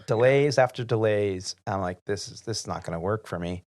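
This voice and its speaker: A man's voice: on the low side, a little fast, dry recording, clean studio sound. A man, an airline pilot, telling a casual story on a podcast and acting out the other people's lines. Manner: lively anecdote-teller who acts out others' lines.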